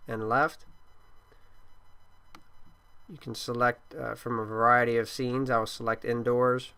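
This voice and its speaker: Man with a smooth, flat tutorial voice. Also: medium pitch, a little slow. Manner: plain, steady instructional tone with occasional fillers. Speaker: teacher. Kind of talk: screen-recorded software tutorial. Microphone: computer microphone.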